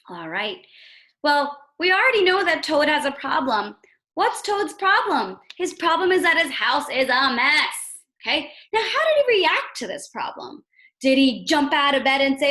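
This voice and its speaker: In this read-aloud lesson, a high-pitched woman teacher moves at a moderate pace through a storybook, explaining what happens. Her delivery is expressive, and she pauses to pose questions to the listener.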